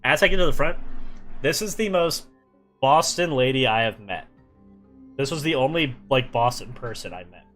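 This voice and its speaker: Animated young man rambling through a story. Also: medium pitch, moderate pace, pauses often, soft background music. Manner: rambling, animated, many fillers. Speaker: streamer. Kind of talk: casual storytelling.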